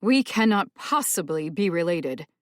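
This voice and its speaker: A woman's voice: fairly low pitch, big pitch swings, measured pace, no room sound, clean studio sound. A woman voicing an uptight older sister who scolds in a clipped, stern way in an audiobook. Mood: indignant.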